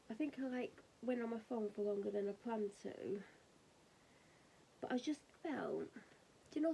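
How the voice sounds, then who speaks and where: A woman's voice: medium pitch, creaky, dark tone, slight background noise, poor audio. A woman chatting casually to camera as a vlogger, rambling through an exasperated story with lots of fillers. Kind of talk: casual chat.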